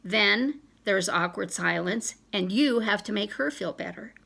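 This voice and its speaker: Woman vlogger reading self-help stuff aloud, earnest, lots of vocal fry. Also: mid-range voice, unhurried, sharp tone. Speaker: business vlogger.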